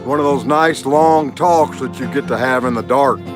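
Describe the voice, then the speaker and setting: A man's voice: medium pitch, moderate pace. A middle-aged man chatting and joking boisterously on a live stream, now and then breaking into song. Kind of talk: rambling live-stream chat with guitar and sung bits. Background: guitar playing.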